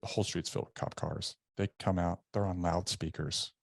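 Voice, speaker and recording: Deep-voiced man telling his story. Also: steady tone, a little fast, creaky, no room sound, clean studio sound. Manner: earnest, conversational, recounting events in vivid detail. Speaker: podcast guest. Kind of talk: candid personal storytelling. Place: indoor room.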